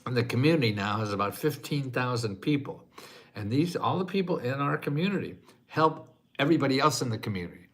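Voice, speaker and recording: An American man in his eighties hosting a casual livestream chat, self-mocking and quick to laugh, sometimes choking up with emotion. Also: fairly high pitch, vocal fry, pushed and bright. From United States. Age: 80s. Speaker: host answering viewer questions.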